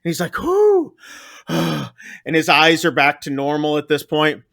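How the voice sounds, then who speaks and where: A man's voice: fairly high pitch, moderate pace. A man hosting a podcast, casually recapping a horror movie scene by scene and acting out the characters' lines. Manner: animated, acts out character lines. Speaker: podcast host.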